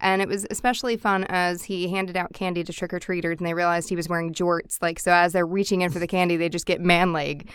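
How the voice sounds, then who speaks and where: Deadpan female co-host, low and very smooth voice, dry close mic. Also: quick pace, few pauses, dry recording. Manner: deadpan, sarcastic. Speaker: podcast co-host. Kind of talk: casual banter.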